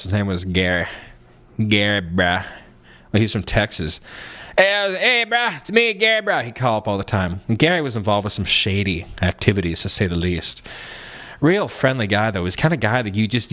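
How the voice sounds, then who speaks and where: A man's voice: lowish voice, fairly bright tone. A young man hosting a broadcast, telling a rambling comic story full of self-mocking asides. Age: young adult. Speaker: podcast host.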